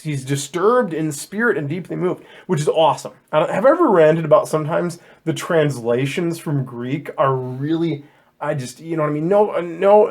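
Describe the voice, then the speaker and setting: A man hosting a podcast, talking through a Bible passage in a casual, animated, jokey way, often restarting and repeating words. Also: on the high side. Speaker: podcast host.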